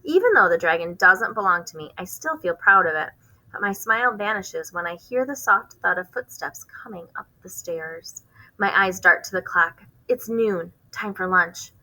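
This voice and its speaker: A woman reading a children's novel aloud, expressive, with occasional stumbles and rereads. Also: mid-range voice, moderate pace, low-quality recording. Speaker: reader hosting a book channel.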